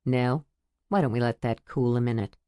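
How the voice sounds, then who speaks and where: A woman voicing an earnest, tender man in love who speaks quietly and steadily, in a romance audiobook. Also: normal speed, clean tone, no echo, studio quality. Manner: quiet, steady, low-voiced. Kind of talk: audiobook character voice.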